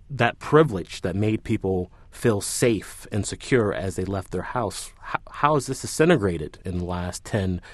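A male professor speaking as a panel guest, giving measured, analytical commentary. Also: low-pitched, darkish tone, dry recording. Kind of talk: academic commentary.

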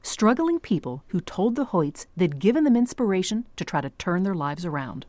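A woman radio reporter narrating a scripted story in a measured, clear storytelling manner. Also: on the low side, big pitch swings, warm tone, dry recording.

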